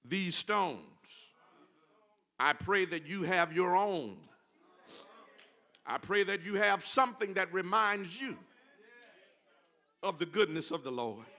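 High, gravelly, bright-voiced preacher man. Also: expressive, slow, pauses often. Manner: preaching with rising fervor and sung, chanted phrases. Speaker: pastor. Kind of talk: sermon. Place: church sanctuary.

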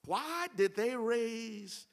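High, lively preaching man. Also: extremely slow, gravelly. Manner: rhythmic call-and-response preaching, rising to shouts. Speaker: pastor. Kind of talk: preaching a sermon. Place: church sanctuary.

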